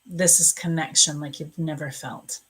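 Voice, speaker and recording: A woman's voice: low-pitched, fairly even intonation, moderate pace, breathy edge. A woman psychic medium giving a live-stream card reading, gushing and emotional as she talks to a viewer. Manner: gushing, emotional, warm-hearted talk.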